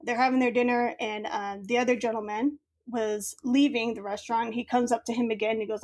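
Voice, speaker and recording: A woman with a somewhat high voice, spinning a story in casual podcast chat. She laughs easily and tells it with animation. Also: fairly quick, few pauses. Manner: laughs often, animated retelling. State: a little tired after a workout. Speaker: podcast guest.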